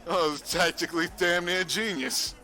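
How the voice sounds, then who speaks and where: A man talks casually to his stream audience, his voice bright and forceful and a touch higher than most men's. He tells a profane, animated story and laughs often. Faint music plays behind him. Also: moderate pace. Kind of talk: casual livestream chat. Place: home streaming setup.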